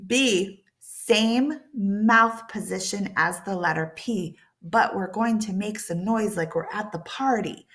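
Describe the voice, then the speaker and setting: Slow, bright-voiced woman teaching pronunciation. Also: lowish voice. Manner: slow, careful enunciation of drilled sounds. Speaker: accent reduction teacher. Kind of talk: pronunciation lesson.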